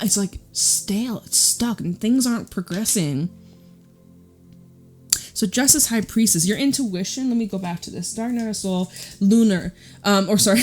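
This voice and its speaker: A woman's voice: mid-range voice, a little mellow. A woman giving a casual, chatty tarot reading. She speaks straight to the viewer, swears now and then and laughs easily. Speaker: tarot reader.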